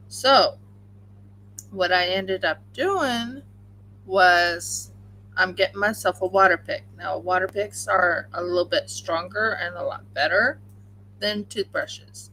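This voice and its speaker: A woman's voice: fairly low pitch, takes it slowly, pushed and bright, slight background noise, low-quality recording. A woman hosting a crafting livestream, chatting casually and rambling with many fillers while she crochets at home.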